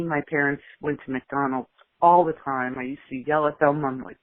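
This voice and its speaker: A woman recounts a reading she once received, quoting what was said to her with clear amazement. Her voice comes through thin and tinny, as over a phone line. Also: low-pitched, fairly even intonation, moderate pace. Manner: amazed, retelling with quoted speech. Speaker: former reading client giving a testimonial. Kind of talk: recorded testimonial.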